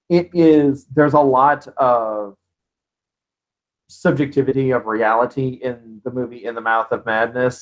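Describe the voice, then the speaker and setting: A man co-hosting a live show, chatting casually in an animated way and laughing easily. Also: mid-range voice, rough recording. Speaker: co-host. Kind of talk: casual live-stream chat.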